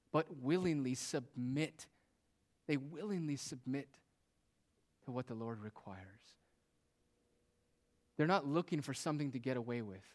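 A man preaching a sermon with emphatic, rising and falling delivery. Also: medium pitch. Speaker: pastor.

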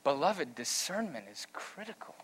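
Male pastor, sermon, earnest, emphatic, fairly high voice. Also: very animated, normal speed, a bit bright, breathy edge.

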